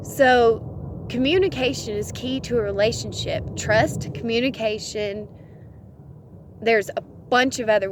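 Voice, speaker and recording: A woman's voice: fairly high pitch, slight background noise. A woman giving relationship advice in a casual vlog, earnest and laughing often between phrases. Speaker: vlogger.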